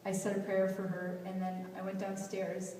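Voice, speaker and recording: A woman's voice: medium pitch, completely flat delivery, moderate pace, warm tone. A young woman talks through a personal story at a youth event in a candid, rambling way, restarting her sentences often. She sounds distant from the mic, and her voice rings out through a large, reverberant hall. A faint hiss sits underneath. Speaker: motivational speaker.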